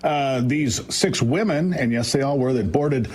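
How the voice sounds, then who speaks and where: A man's voice: mid-range voice, a little slow, a little mellow, breathy edge. A middle-aged man giving emphatic, folksy political commentary on a morning show, with frequent restarts. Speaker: guest commentator. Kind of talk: opinionated morning-show talk.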